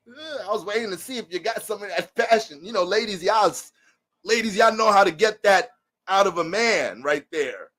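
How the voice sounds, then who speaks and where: A man's voice: sits high, lively intonation, moderate pace, a bit bright. A man talking as an astrologer in a casual, profane and joking monologue.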